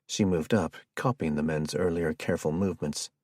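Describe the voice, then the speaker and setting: A man narrating an audiobook in an even, measured reading. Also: very deep voice, no echo, studio quality. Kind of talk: scripted narration.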